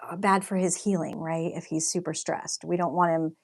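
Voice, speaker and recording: A young woman talks in a relaxed, chatty way while painting on a livestream. Her voice sits fairly low and often drops into a gravelly fry. She tells stories with plenty of fillers and stops now and then to read out viewer comments. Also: normal speed. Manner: chatty storytelling, many fillers, reads out comments. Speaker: livestream host and artist.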